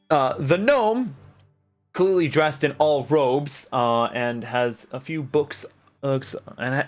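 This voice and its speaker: A man with a mid-range voice acts as game master for a tabletop game, narrating haltingly with lots of fillers and false starts.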